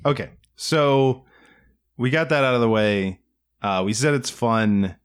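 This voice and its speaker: A man's voice: medium pitch, a little slow, smooth. A man co-hosting a podcast in casual movie-review chat, rambling and hedging as he corrects himself mid-thought. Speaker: podcast co-host.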